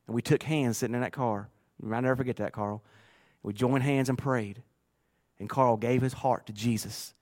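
A man pastor preaching a sermon through personal stories, earnest and emotional, moving from quiet to loud. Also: medium pitch. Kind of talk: storytelling sermon.

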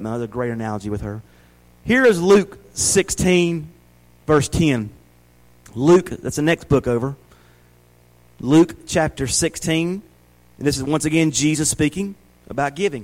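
A man in his forties preaches with a Southern US accent and a noticeably high voice for a man. He talks in a folksy, down-home way and keeps throwing rhetorical questions at his congregation. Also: expressive, measured pace, pauses often, rough recording. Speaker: pastor. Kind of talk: sermon.

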